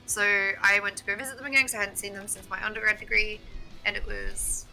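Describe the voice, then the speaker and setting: A woman's voice: mid-range voice, steady tone, fast talker, vocal fry, pushed and bright, faint music behind. A woman in her twenties with an Australian accent, co-casting a card game stream and chatting at length about her life. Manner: chatty, rambling, laughs often. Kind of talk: casual stream chat.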